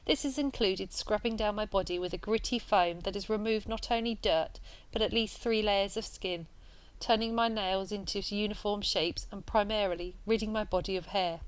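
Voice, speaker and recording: A woman reading a novel aloud at a steady pace, with small slips and restarts now and then. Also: mid-range voice, moderate pace, smooth, low-quality recording. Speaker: reader.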